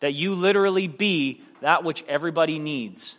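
A man's voice: on the high side, moderate pace, fairly bright tone. Man preaching in a reverberant church hall. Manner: conversational, rambling with restarts and self-deprecating jokes. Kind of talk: sermon.

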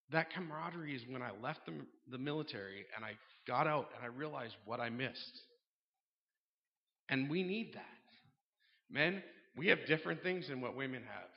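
A man talking casually to a congregation, candid and joking, with lots of "um"s and acted-out dialogue. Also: fairly high pitch. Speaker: church member announcing a men's group. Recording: dull sound, long reverb in a large room.

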